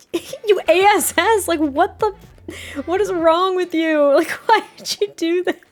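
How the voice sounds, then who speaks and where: A woman briefly voicing an indignant young woman scolding a friend, in a high, giggly scolding tone. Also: takes it slowly.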